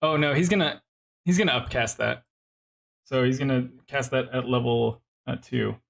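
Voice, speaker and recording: A man's voice: mid-range voice, moderate pace, gravelly. A man narrating as game master of a tabletop game, rambling and full of fillers.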